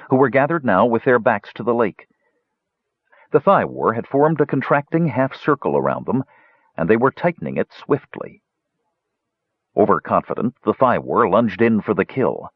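Husky man narrating an animated fantasy tale. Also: on the low side, no echo. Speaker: audiobook narrator. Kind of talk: scripted narration. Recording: dull, dry lo-fi recording.

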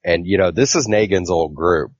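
A man's voice: deep voice, moderate pace, dry recording. A man co-hosting a casual comic book podcast, recapping a story in a rambling way with lots of fillers. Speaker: podcast co-host. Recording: dull, lo-fi mic.

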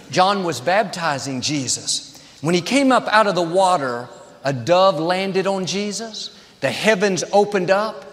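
A man's voice: high-pitched, big-room sound. A man preaching a sermon as a pastor, earnest and building to emphatic peaks.

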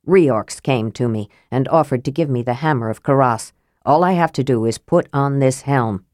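A woman voicing a stubborn, gruff old male dwarf who grumbles testily. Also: extremely low pitch, normal speed, darkish tone, no room sound, studio quality, voice pushed down.

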